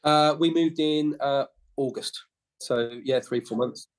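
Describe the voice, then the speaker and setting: A man's voice: mid-range voice, slow pace. A man in his fifties or sixties, a podcast guest who tells long, rambling anecdotes with frequent restarts. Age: 50s to 60s. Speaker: podcast guest, flooring business owner. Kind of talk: casual interview storytelling.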